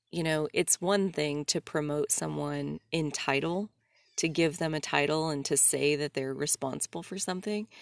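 A young woman hosts a solo podcast in a casual, confessional way, animated, quick to laugh and unafraid to swear. Her voice sits low with a gravelly fry. The sound is close and dry, with no room around it. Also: no room sound. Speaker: podcast host.

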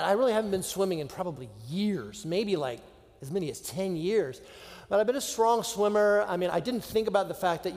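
A middle-aged Florida pastor with a high, brisk voice preaches a sermon, telling a personal story. He's animated, acting out his own panicked thoughts in quoted asides. The recording carries the long reverb of a large hall.

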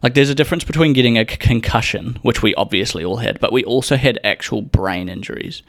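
A man's voice: mid-range voice, quick pace, no room sound, clean studio sound. A young adult man telling a rambling personal story in casual chat, swearing often and acting out what people said. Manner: rambling, swears a lot, acts out quotes.

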